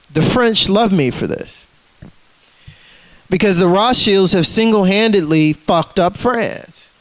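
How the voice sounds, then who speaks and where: A man with a high-pitched voice rants, cursing freely and calling people out. His sound is dry and close, with no room behind it. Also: no room sound, rough recording. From United States. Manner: ranting, profane, confrontational. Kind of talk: profane rant to camera.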